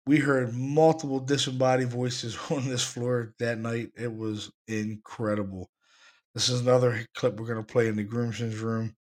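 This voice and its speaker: An enthusiastic man hosts a paranormal podcast. His pitch sits mid-range for a man, and his delivery is lively and repetitive. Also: moderate pace. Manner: excited, enthusiastic, repeats himself. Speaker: podcast host, paranormal investigator. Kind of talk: podcast talk about recordings.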